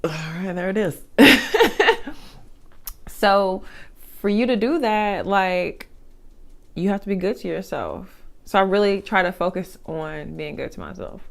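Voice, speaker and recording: A young woman chatting casually as she eats on camera, animated, with side remarks and chewing sounds between thoughts. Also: mid-range voice, takes it slowly, vocal fry, pauses often. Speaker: mukbang vlogger. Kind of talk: casual chat while eating.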